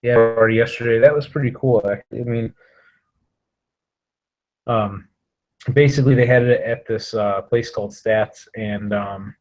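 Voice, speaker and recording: A man's voice: mid-range voice, steady tone, a little slow, pauses often, lo-fi sound. A man hosting a podcast, chatting casually in a rambling, hesitant way with lots of fillers. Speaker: podcast host. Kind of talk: casual chat.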